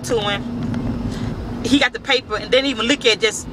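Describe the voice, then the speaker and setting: A man's voice: very high voice, moderate pace, noisy background. A man telling a story to the camera in casual, profane speech, acting out the dialogue. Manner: profane, animated, acts out dialogue. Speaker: vlogger.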